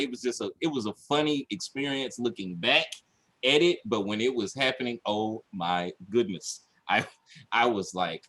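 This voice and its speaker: A man coaching his viewers in a casual livestream, emphatic and repetitive, acting out his own panic with shouts and laughs. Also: mid-range voice. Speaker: online business coach.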